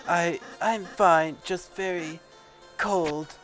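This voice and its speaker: A man's voice: high-pitched, fairly even intonation, extremely slow, a bit bright, pitched above the performer's own voice, exaggerated voice. A man voicing a goofy, cheerful young spade prince, hammy and boasting. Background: game music.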